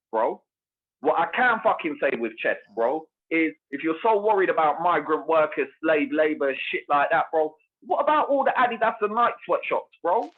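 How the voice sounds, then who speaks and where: A fired-up man rants through a tinny, phone-like call line. His voice sits a little high and slightly husky. He swears heavily and says "bro" and "bruv" every few words. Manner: animated, ranting, heavy swearing, peppers speech with bro and bruv. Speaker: podcast co-host. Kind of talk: heated casual chat. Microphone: remote call.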